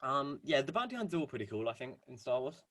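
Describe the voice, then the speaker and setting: A man's voice: medium pitch, very animated, fast talker, fairly bright tone, no echo. A young man co-hosting a casual podcast, rambling with lots of fillers. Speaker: podcast co-host. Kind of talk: casual chat.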